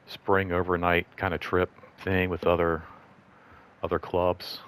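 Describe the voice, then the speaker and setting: A middle-aged man telling a personal story in a casual, rambling way, full of fillers, sometimes acting out what others said. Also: a bit bright. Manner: acts out quoted voices in higher pitch. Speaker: host.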